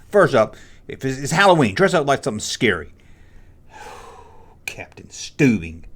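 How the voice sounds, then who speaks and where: A man hosting a jokey rant, with animated delivery and mock-taunting asides. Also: a little high. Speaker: host. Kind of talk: ranting toy and costume commentary.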